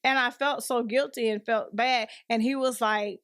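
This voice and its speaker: A woman's voice: fairly high pitch, steady tone, moderate pace, few pauses, a bit bright, dry recording, studio quality. Woman telling her story earnestly. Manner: earnest storytelling, acting out quoted voices. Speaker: podcast guest. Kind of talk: personal testimony in conversation.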